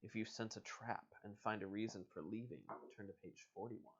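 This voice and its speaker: A man's voice: lowish voice, steady tone, fairly quick, breathy edge, dull audio. A man hosting a livestream, reading an interactive adventure book aloud in a casual, playful way. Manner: casual, chuckling, playful asides. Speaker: host and reader.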